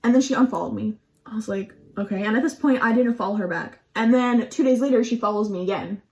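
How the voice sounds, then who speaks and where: A woman's voice: fairly high pitch, fast talker, a little mellow. A young adult woman telling a casual storytime on her vlog, chatty and profane, with lots of "like". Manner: chatty and profane, heavy use of "like". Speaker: vlogger.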